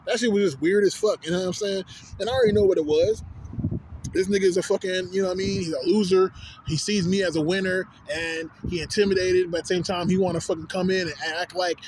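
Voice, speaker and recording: Fast-talking, high-voiced man ranting. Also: a little hiss or hum, poor audio. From Texas. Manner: profane, animated storytelling with slang fillers. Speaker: vlogger. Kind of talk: casual rant to camera.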